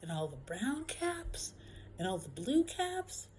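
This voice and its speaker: A woman reading a children's picture book aloud in an expressive, playful way, sometimes dropping to a whisper. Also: a little high, takes it slowly, slight background noise, poor audio. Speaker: storyteller.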